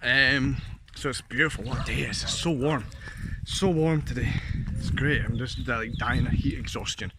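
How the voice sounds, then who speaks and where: A man's voice: medium pitch, normal speed, noisy background. Chatty Scottish man out walking. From Scotland. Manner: rambling, chatty, laughs often. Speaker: vlogger. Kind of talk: casual walking vlog. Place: outdoors on a walk past houses. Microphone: handheld camera. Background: dogs barking.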